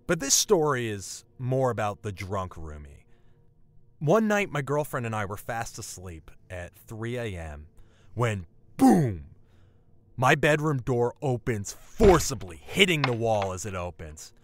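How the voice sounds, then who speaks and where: A man telling a personal story, wry and animated. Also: a little slow, no room sound. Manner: wry, animated storytelling with lively pitch swings. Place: apartment life in New York City.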